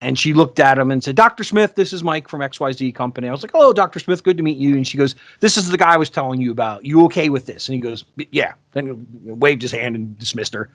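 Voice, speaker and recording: A man co-hosting a podcast, telling sales stories in a casual, animated way and acting out the people he quotes. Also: medium pitch, quick pace, hardly any pauses, no echo. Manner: animated, acts out quoted voices. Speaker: podcast co-host. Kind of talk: casual storytelling chat.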